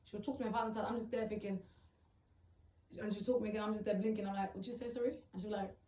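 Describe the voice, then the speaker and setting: A woman tells her own story in a halting, emotional way, often repeating herself and filling gaps with "like". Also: medium pitch, little pitch movement, warm tone. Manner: halting, repeats phrases, many fillers. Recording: roomy, distant mic, faint background noise.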